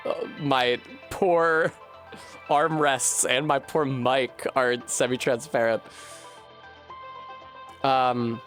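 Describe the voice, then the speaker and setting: A man's voice: mid-range voice, fairly bright tone. Swearing man puzzling aloud on stream. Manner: profane, puzzling aloud, frustrated. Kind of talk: live-streamed gameplay commentary. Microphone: desk microphone.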